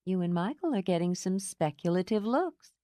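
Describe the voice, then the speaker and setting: A woman's voice: fairly low pitch, expressive, moderate pace, mellow, no room sound, studio quality, natural voice. A woman voicing a bold, blunt woman friend who teases and pushes. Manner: brash, pushy.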